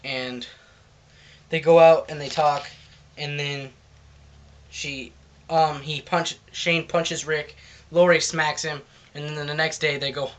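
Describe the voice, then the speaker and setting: A man's voice: fairly high pitch, flat delivery, takes it slowly, long pauses. A man reviewing a comic book in casual chat, rambling loosely through the plot.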